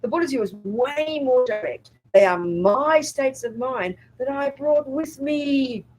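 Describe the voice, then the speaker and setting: A woman's voice: high voice, measured pace, darkish tone, poor audio. A woman, a Buddhist nun, giving a dharma talk at a retreat. She speaks bluntly and with emphasis, often checks whether the group follows her, and acts out inner voices in quotes. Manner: emphatic and blunt, asks the audience if they follow.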